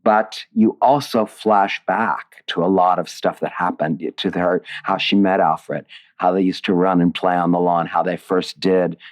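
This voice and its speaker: Low-voiced man, animated storyteller. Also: unhurried. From United States. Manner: animated, emotional storytelling with many restarts. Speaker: guest, playwright and lyricist. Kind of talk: conversational interview.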